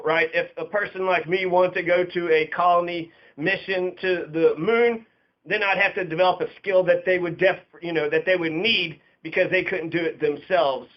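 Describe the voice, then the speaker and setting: A man giving blunt, profane, casual commentary on history in a ranting way. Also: sits high. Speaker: history podcaster. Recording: dull lo-fi recording.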